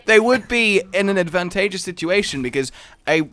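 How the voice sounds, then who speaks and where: Gaming host, male, high and animated, joking banter, crowd noise in the mix. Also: a little fast. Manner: excitable, laughing, joking. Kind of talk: casual gaming chat with friends.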